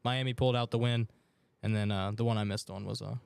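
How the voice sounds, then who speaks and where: Chatty excitable man, dry studio sound. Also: on the low side, quick pace, creaky, clean tone, dry recording. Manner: excitable, chatty, loud outbursts for his team. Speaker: podcast co-host. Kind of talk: casual sports betting chat. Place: radio studio. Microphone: studio mic.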